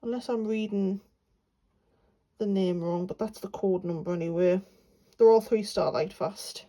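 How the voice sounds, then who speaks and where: A young Englishwoman with a mid-range, mellow voice chats at a measured pace about her paints while swatching them. The art vlogger rambles with lots of fillers, and the recording quality is low.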